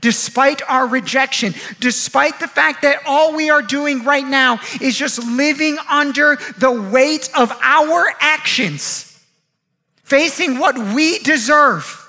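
A man preaching a sermon, telling a story with acted-out dialogue and rising to shouts at the high points. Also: slow. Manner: animated storytelling, acting out dialogue, shouting at peaks.

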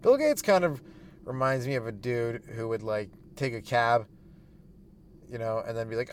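A man's voice: on the low side, fairly quick, smooth. A man hosting a podcast as a stand-up comedian, riffing crudely and rambling through jokes in a casual monologue.

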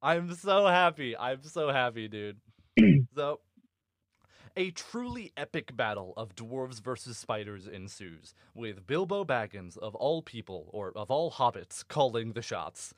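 A man hosting a casual book podcast, animated and swearing freely, often breaking into laughter. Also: medium pitch, measured pace, no echo, clean studio sound. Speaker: podcast host.

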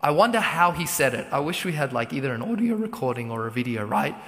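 A man's voice: medium pitch, sing-song, fast talker, a bit bright. A man preaching a Bible teaching sermon, retelling the story conversationally, paraphrasing and asking rhetorical questions. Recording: long hall reverb.

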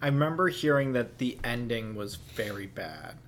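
A man co-hosting a podcast, mostly giving short replies and quick quips in casual chat. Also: mid-range voice, very animated, a little hiss or hum. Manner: brief backchannel replies and quips. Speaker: podcast co-host.

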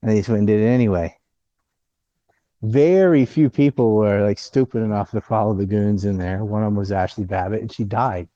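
A blunt, opinionated man rants through a casual political chat with a dark, mellow voice. The sound is dry and close, with a dull, lo-fi edge. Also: fairly low pitch, brisk, dry recording.

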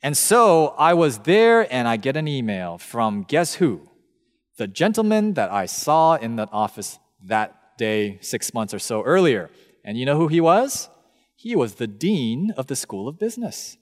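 A man's voice: mid-range voice, measured pace. A man in his thirties giving a camp meeting talk, telling a personal story and acting out the voices of the people in it. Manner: animated storyteller who acts out quoted voices. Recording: long hall reverb.

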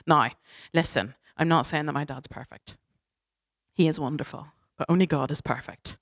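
A young woman giving a sermon, telling a personal story in a chatty, animated, self-deprecating way. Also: deep voice, normal speed. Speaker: preacher.

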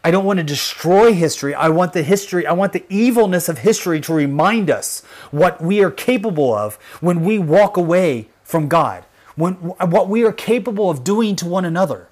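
A man's voice: high-pitched, animated, moderate pace. Impassioned man with a raised voice. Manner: emphatic, drops to hushed intensity on serious points. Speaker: livestream host. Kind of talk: impassioned livestream commentary.

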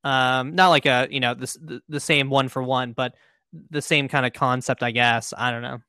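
A man co-hosting a podcast, chatting casually in a relaxed, hesitant way with many fillers. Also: mid-range voice, normal speed, smooth, no echo. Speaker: podcast co-host. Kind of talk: casual chat.

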